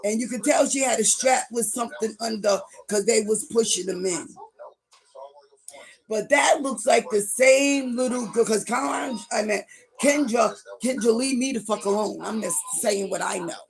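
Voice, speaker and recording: A middle-aged woman gossiping on a livestream in a rambling way, now and then breaking into loud outbursts. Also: on the high side, moderate pace, vocal fry, faint music behind.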